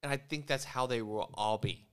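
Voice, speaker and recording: A man's voice: mid-range voice, normal speed, clear, resonant tone. A man in his forties co-hosting a podcast in casual chat, rambling with lots of fillers and restarts. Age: 40s. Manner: rambling, filler-heavy, self-interrupting. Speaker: podcast co-host.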